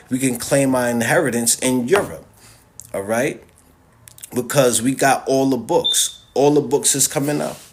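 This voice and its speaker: A man delivering an impassioned casual monologue straight to his viewers. He is emphatic and repetitive, restarts his sentences often and keeps checking in with "all right?". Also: mid-range voice. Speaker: social media commentator.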